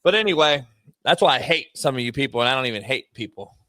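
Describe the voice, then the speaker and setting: A man's voice: medium pitch, animated, fast, bright, forceful tone, no echo. A man hosting a live sports talk show, ranting brashly and swearing freely.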